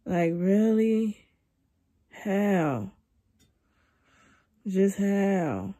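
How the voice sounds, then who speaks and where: Lying in bed at home, a young woman vlogs into her phone camera, venting in a weary, drawn-out way and sounding slightly congested. Her mid-range voice stays animated and warm in this casual confessional.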